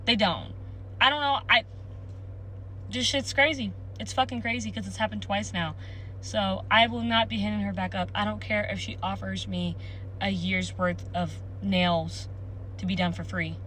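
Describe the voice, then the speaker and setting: A woman's voice: medium pitch, fairly even intonation, normal speed, a bit bright, a little hiss or hum, low-quality recording. A woman ranting angrily to camera, swearing heavily. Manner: irate, heavy swearing. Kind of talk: angry rant to camera.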